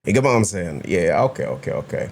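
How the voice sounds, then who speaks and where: A man's voice: low voice, sing-song, quick pace, vocal fry, darkish tone, a little hiss or hum. A man giving casual, slangy reaction commentary on a rap track, often repeating the lyrics back. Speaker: music reaction host. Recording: music playing behind. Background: rap track playing.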